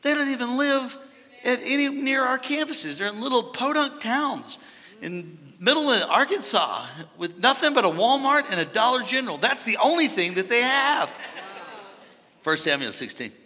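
A man preaching a sermon as pastor, moving between hushed storytelling and shouted exhortation. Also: very high voice, big pitch swings, normal speed, in a large hall. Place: large church.

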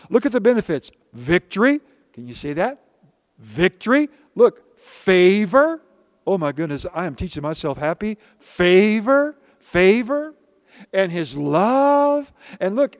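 A man preaching a sermon with a fairly high voice. He hammers repeated refrains and calls on listeners to answer back, then falls to near-whispers. The sound is close and dry, with no room echo. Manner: emphatic preaching with repeated refrains and call-and-response; swings between loud declarations and soft hushed lines. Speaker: pastor.

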